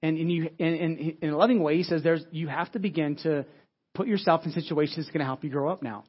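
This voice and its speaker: Here a pastor preaches in a loose, conversational manner, stumbling, starting his words over, and ending lines with "right?". His slightly high voice is steady in tone but slightly rough, he speaks fast, and the recording sounds dull and lo-fi.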